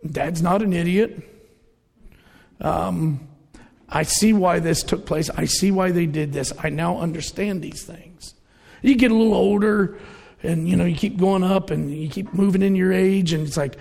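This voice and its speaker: Middle-aged male preacher, high and gravelly, chatty storytelling sermon. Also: measured pace, a little mellow. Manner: conversational, storytelling, acts out quoted voices. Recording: reverberant hall.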